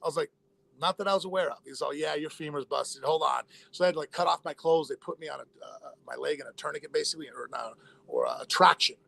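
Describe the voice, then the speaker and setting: A man telling a long personal story in a casual interview, in a rapid, rambling way with many fillers and restarts. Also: a little high, steady tone, vocal fry, bright, forceful tone. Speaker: interview guest, former fighter.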